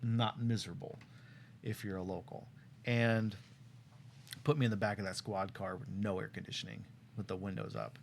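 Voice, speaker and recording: A young man with a lowish voice tells a story in an easy, chatty way and brings the other people in it to life as he goes. He laughs often, and a faint hum of noise sits behind him. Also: moderate pace, vocal fry, pauses often. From Tucson, Arizona. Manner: animated storyteller, laughs often, acts out quotes. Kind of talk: casual storytelling chat.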